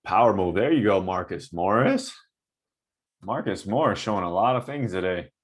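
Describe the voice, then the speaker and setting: A low-voiced man who trains basketball players breaks down game film in a loose, conversational way. He gets animated over good plays and keeps checking in with the listener. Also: normal speed, slightly rough. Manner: animated, coaching asides with frequent "right?". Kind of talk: casual film-breakdown commentary.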